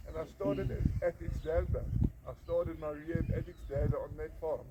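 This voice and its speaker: Man, 40s, earnest emphatic testimony, slightly high voice, outdoor noise and birdsong. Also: normal speed, long pauses. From South Africa. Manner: earnest, emphatic, repeats phrases for effect. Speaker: rehab centre founder. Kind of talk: personal testimony.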